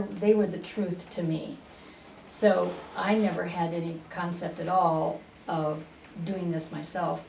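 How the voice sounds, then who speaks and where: A woman who works as a spiritual channeler tells stories as a guest in a radio interview, speaking unhurriedly with frequent fillers and restarts. Her lowish voice has vocal fry and a dark tone, and the studio sound is roomy and distant with a faint hiss.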